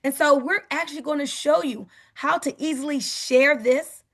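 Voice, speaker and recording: Upbeat woman pitching on a video call, high voice with vocal fry. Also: normal speed, a bit bright. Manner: upbeat, repeats "guess what". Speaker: presenter on a sales call. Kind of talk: enthusiastic sales pitch.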